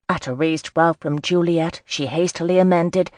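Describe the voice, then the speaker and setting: A woman narrating a historical romance audiobook in a measured storytelling manner. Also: lowish voice, dry recording, studio quality. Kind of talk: scripted narration.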